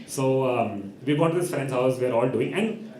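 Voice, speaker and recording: Man, animated storytelling, live venue, echoey, faint background hum. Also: medium pitch, normal speed. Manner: animated storytelling, acts out voices, laughs often. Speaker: open mic performer. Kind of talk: storytelling on stage. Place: live open mic venue.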